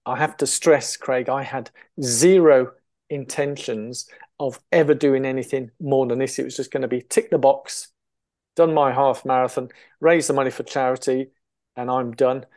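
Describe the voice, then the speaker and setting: An older English man in his sixties speaks as an interview guest, a voice pitched right in the ordinary middle range. He rambles warmly through his story, full of restarts and quick laughs. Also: fairly even intonation. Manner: chatty storyteller, laughs often, many fillers and restarts. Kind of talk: casual interview chat.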